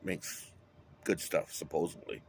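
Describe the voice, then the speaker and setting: A man's voice: a bass voice, unhurried, creaky, a little hiss or hum. A man talking in a rambling monologue, drifting between topics and swearing often. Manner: rambling, wandering, with frequent swearing.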